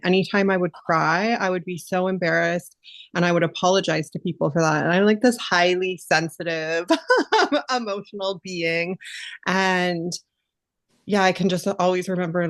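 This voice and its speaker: Earnest woman with a lowish voice, dry sound. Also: no room sound. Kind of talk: casual podcast chat.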